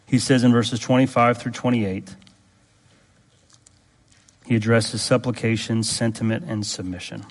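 Male preacher, mid-pitched, earnest and emphatic, repeats lines, asks the congregation direct questions; long hall reverb. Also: fairly even intonation, a little slow, long pauses. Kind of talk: sermon.

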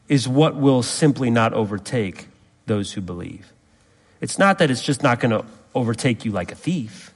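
A man preaching an expository sermon, building to emphatic rising repetitions and asking the congregation to fill in words. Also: medium pitch. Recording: long reverb of a hall.

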